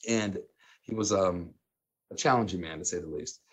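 A man in his thirties, appearing as a guest, tells a personal story in a casual, animated way, with lots of fillers and laughter. His voice sits low and sounds husky, and he talks at a moderate pace.

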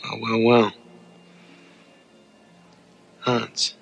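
A man's voice: mid-range voice, monotone, extremely slow, vocal fry, fairly bright tone, muffled recording, soft background music, exaggerated voice. An actor playing a tough, wisecracking male cop who taunts his enemy with sarcastic, swearing lines. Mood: taunting.

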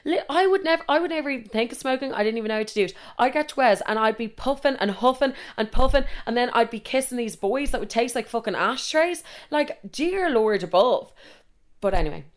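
A young Irish woman telling stories casually, animated and swearing freely, acting out the people she quotes. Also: a little high, fairly quick. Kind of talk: casual storytelling monologue.

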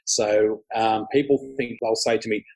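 A middle-aged man with a husky voice, a psychic guest chatting casually and animatedly, acting out what people say. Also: lowish voice, normal speed, rough recording. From Australia. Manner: animated storyteller, often laughing, acts out quotes. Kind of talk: casual interview chat.

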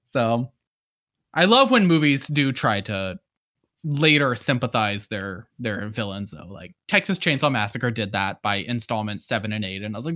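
A man's voice: lowish voice, expressive, moderate pace, bright, forceful tone. A man co-hosting a podcast, chatting casually and animatedly, swearing freely and acting out quotes. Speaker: podcast co-host. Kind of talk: casual chat.

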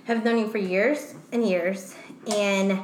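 Young woman, mother, casual chat, animated storytelling, roomy echo, light hiss. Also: medium pitch, slow pace. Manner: animated storyteller, acts out quoted dialogue. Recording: echoey room, faint background noise.

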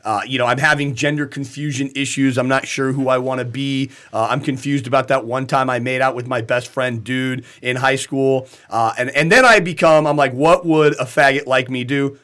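A man co-hosting a casual podcast, telling profane, animated stories and laughing often. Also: mid-range voice, a little fast, hardly any pauses.

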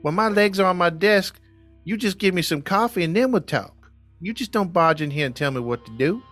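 Guy doing a high twangy southern cop voice, lazy and bossy, dry close mic. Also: lively intonation, fairly quick, a bit bright, dry recording, soft background music. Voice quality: exaggerated Southern drawl. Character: drawling small-town male cop, lazy and bossy.

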